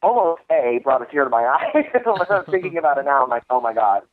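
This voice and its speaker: A man's voice: on the high side, expressive, fairly quick, dry recording. A man, co-host of a cult film screening series, telling a long story in a casual interview, rambling with many restarts and fillers. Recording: tinny phone-like line.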